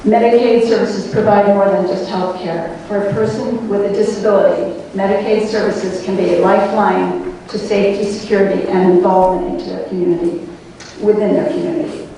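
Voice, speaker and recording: A woman's voice: mid-range voice, steady tone, fairly quick, mellow, slight background noise. A woman at a town hall reading a prepared, earnest statement, emotional and wavering at times. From New York State. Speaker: citizen speaker at a town hall. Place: large public hall. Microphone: floor microphone heard from afar. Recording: echoey hall recorded from far off.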